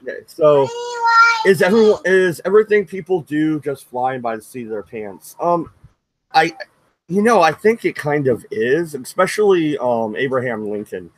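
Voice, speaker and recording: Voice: medium pitch, animated, normal speed, slight background noise, rough recording. A young adult co-host of a stream who debates bluntly, swears freely and reads out chat questions.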